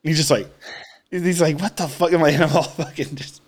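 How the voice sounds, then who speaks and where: A man's voice: a little high, steady tone, a little fast, a little hiss or hum. A man telling a rambling, profane story in casual chat as a podcast co-host. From Austin, Texas area.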